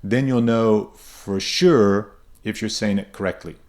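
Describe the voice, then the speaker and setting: A man's voice: fairly low pitch, unhurried, darkish tone. A man teaching pronunciation, patiently explaining and repeating example sounds, a native English speaker. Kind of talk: explanatory lesson with spoken examples.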